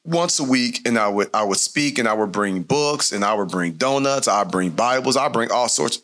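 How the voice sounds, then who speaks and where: A man hosts a live podcast taping on a conference stage. He tells his story with energy, acting out the voices of the people in it, at a middle pitch. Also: moderate pace. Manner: animated storyteller, acts out quotes. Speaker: podcast host.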